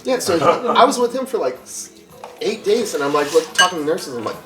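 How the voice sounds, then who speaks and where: A man's voice: sits high, expressive, fairly quick, distant mic. A man telling a long, profane story in casual chat, acting out the people he quotes. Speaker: podcast guest. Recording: roomy, off-mic with loud music behind.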